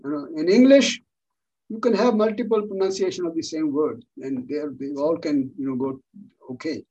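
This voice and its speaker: A man leads an online class on yoga philosophy, patiently repeating key words for emphasis. His voice sits a little high and has a husky edge. It comes over a video call and sounds set back from the microphone. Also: moderate pace, warm tone, recorded from a distance, dull audio.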